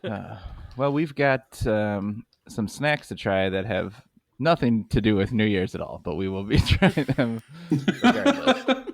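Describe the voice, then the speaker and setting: A man's voice: lowish voice, no room sound. A man co-hosting a comedy snack podcast, reading articles aloud and laughing often. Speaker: podcast co-host. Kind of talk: casual comedic chat.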